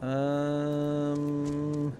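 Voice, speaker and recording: A man's voice: on the high side, monotone, drawn-out words, noisy background. An Irish man giving casual live-stream commentary on a game, rambling with lots of fillers and self-corrections. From Ireland.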